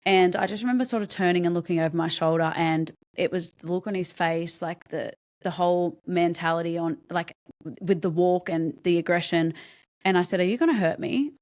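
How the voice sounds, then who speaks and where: Candid woman, lower voice. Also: fairly even intonation, a little mellow. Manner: candid, halting, many ums and restarts. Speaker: podcast guest. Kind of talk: personal story told in an interview.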